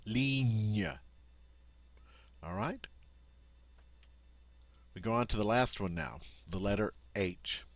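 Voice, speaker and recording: A man's voice: fairly low pitch, a bit bright, no echo. A man teaching a pronunciation lesson, patient and explanatory, demonstrating sounds and checking in with his listeners. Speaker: language teacher.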